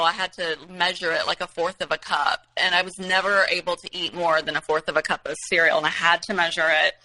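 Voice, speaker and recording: A woman's voice: medium pitch, sharp tone, poor audio. A woman recounting her own experience as a guest in casual storytelling, rambling with many fillers and restarts.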